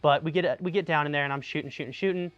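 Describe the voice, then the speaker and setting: A man's voice: a little high, racing, muffled recording, soft background music. A young man from Tucson, an army veteran, casually telling anecdotes in a chatty way full of "like" and restarts. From Tucson, Arizona, USA. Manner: animated, chatty, lots of "like" and restarts.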